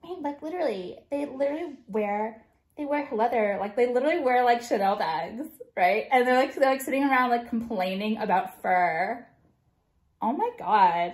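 A woman vlogger vents to her viewers in a combative, profanity-laced rant. Her voice sits fairly high, and she leans on "like" throughout. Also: animated, moderate pace. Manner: profane, combative, heavy filler "like". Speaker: jewelry brand owner and vlogger.

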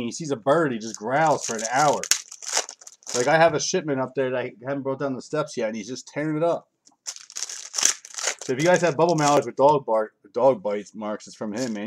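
A man in a mid-range voice chats his way through a live card break at home, background noise audible behind him. He keeps up a loose, rambling stream of commentary, naming each card as the packs are opened.

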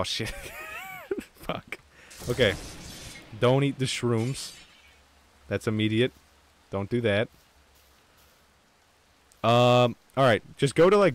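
A young man streaming an online game with viewers, chatting casually, swearing freely and getting excited. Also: mid-range voice. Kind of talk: casual gaming chat.

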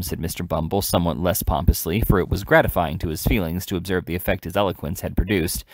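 A man reading a classic novel aloud, steady, with occasional self-corrections. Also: deep voice, fast, hardly any pauses, no room sound, clean studio sound. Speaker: audiobook reader.

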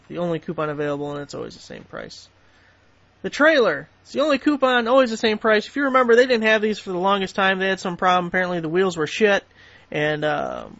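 A man's voice: sits high, creaky, fairly bright tone, no room sound, highs cut off. A man hosting a tool deals channel, talking casually and bluntly with plenty of swearing as he goes through coupons. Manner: blunt, profane, easily riled. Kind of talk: casual vlog rant and coupon rundown.

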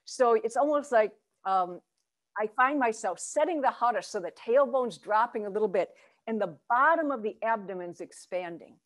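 Relaxed woman Zen teacher guiding voice work. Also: normal speed. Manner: demonstrates chants and low vowel sounds from the belly; relaxed and encouraging, with light laughs. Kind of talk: voice and chanting workshop.

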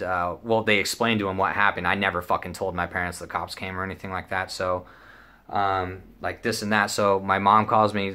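Young man with a bright, forceful voice. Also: fairly low pitch, moderate pace. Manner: profane, rambling, animated storytelling with acted-out quotes. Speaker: vlogger. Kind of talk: casual storytime.

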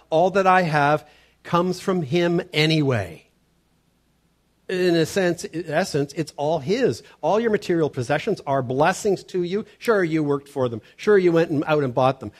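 A man preaching a sermon as pastor, earnest and emphatic, often stammering on the start of a word. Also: a little high. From Canada.

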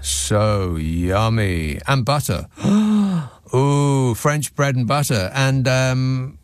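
A man's voice: medium pitch, no room sound. Dry, sardonic male radio host. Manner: dry, sardonic, reads listener texts aloud. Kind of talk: late-night radio phone-in chat. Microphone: studio microphone.

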